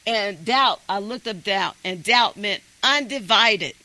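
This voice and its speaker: A man's voice: sits high, expressive, slow pace, bright, forceful tone, no room sound, rough recording. A man preaching a sermon, emphatic and urging his congregation on.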